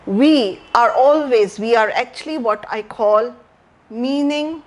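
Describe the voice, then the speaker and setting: A woman's voice: on the high side, slow pace. A woman with an Indian English accent giving a live educational health talk, telling a story and asking the audience questions. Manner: storytelling, repeats phrases, asks audience questions. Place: library talk room.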